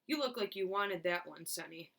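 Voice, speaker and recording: A woman voicing a fat, excitable male shopkeeper in a children's storybook reading, shouting high and fast when thrilled. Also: vocal fry, full character voice. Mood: pleasant.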